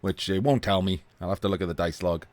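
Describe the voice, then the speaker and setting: An esports commentator with a deep, steady, somewhat dark voice talks fast while casually covering a live video game. He's chatty, laughs a lot, swears offhandedly, and is getting slightly hoarse.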